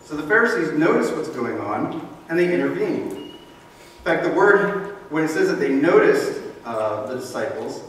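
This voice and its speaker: A man's voice: on the high side, big pitch swings, normal speed. A man preaching in a church, talking to the congregation in an easy, conversational tone. His voice comes from some distance in a big, echoing hall, and a faint hiss sits under it. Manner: conversational, explanatory, acts out quoted voices. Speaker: pastor. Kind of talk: sermon. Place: church sanctuary. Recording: roomy echo from a distant mic with faint noise.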